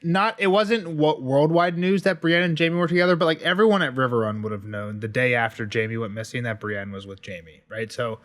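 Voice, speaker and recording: A man's voice: medium pitch, brisk, few pauses, a bit bright. A man co-hosting a book podcast, rambling and thinking aloud as he discusses a chapter. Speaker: podcast co-host.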